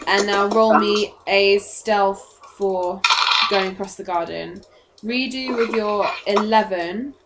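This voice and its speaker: A woman's voice: mid-range voice, steady tone, slow pace, heavy background noise. A woman as game master, narrating scenes in a descriptive, matter-of-fact way.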